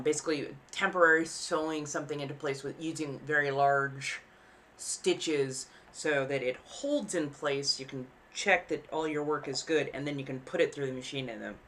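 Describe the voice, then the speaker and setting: A woman's voice: low-pitched, fairly bright tone, a little hiss or hum. A woman chatting casually on a live stream while she sews, rambling and frank, swearing freely and laughing at herself. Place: home apartment.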